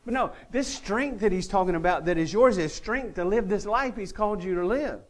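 A male pastor preaching a sermon, earnest with touches of dry humor, swinging between emphatic lines and quiet, intimate ones. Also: sits high, a little fast.

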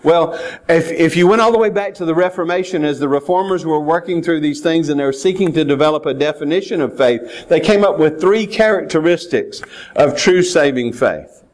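Man preaching, earnest and a touch higher in pitch, repeats his words. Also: a little fast, a little mellow. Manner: earnest, repeats words while reading scripture aloud. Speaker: pastor. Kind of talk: sermon.

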